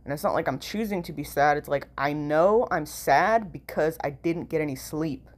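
A woman's voice: low-pitched, normal speed. A tired, sleep-deprived woman with a nasal voice, talking in a rambling casual vlog, full of "like" and "you know" and freely swearing. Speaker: vlogger.

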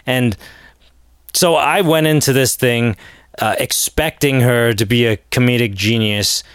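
A man hosting a solo podcast in a casual, rambling rant, breaking into sarcastic, animated outbursts. His voice sits in an ordinary middle pitch and sounds dry and close to the mic. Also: measured pace, clear, resonant tone, no room sound. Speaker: podcast host.

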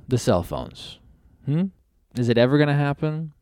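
A man's voice: mid-range voice, big pitch swings, moderate pace, darkish tone, dry recording, clean studio sound. A man hosting a solo comedy podcast from his home, rambling and crude and losing his train of thought. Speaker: podcast host.

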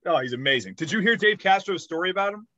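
Thirties guy rambling on a podcast, swears a lot, bright voice, dry sound. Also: sits high, quick pace, no echo, muffled recording. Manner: rambling, animated storytelling with swearing. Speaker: podcast co-host. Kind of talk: casual chat.

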